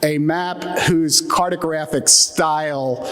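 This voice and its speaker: A man's voice: fairly high pitch, steady tone, takes it slowly, fairly bright tone. A man with an Atlantic Midland American accent giving a wry, joking conference keynote with frequent fillers. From United States. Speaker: keynote speaker. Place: large conference hall. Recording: long hall reverb.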